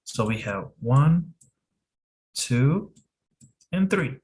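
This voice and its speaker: A man gives a casual English lesson, explaining slowly and calmly and often pausing to check in with "okay". His pitch sits at a middle level. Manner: slow, relaxed explaining with frequent "okay". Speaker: English teacher.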